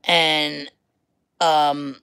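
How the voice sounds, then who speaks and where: A woman with a New York accent ranting on a livestream to her viewers, loud and blunt, repeating herself for emphasis and swearing. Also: sits low, little pitch movement, very slow, clear, resonant tone, poor audio. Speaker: online creator.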